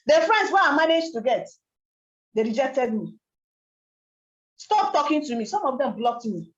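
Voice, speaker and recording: A young woman tells her business story as a motivational talk, emphatic and animated, with rhetorical questions. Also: sits high, reverberant, highs cut off. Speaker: network marketing speaker.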